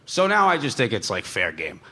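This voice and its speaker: A man doing a stand-up comedy set on a live stage, rambling and self-deprecating, with many fillers and sudden shouted bits. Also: medium pitch, wildly swooping pitch, fairly quick. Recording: noisy live stage recording.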